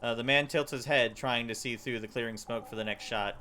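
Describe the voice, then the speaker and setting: A man streaming a game, reading its text aloud with stumbles, laughs and quick reactions. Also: mid-range voice, steady tone, bright, forceful tone, slight background noise.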